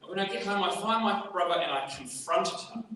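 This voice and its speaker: Animated New preacher, echoey hall. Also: male voice, high-pitched, a little fast, slight background noise. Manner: storytelling, animated, reflective. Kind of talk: sermon with personal story. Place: church. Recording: echoey church hall, distant mic.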